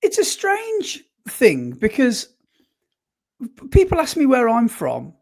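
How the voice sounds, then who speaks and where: A man's voice: extremely high pitch, wildly swooping pitch, slow pace, creaky. A man co-hosting a podcast in casual chat, rambling and stop-start, often correcting himself mid-sentence. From West Midlands, England. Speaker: podcast co-host.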